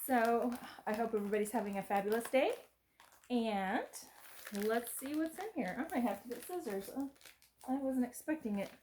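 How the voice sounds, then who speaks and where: A woman's voice: a little high, moderate pace, darkish tone, a little hiss or hum. A middle-aged woman from the United States, chatting casually and rambling a little as she unboxes gifts on her home vlog. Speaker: vlogger. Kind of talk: casual chat.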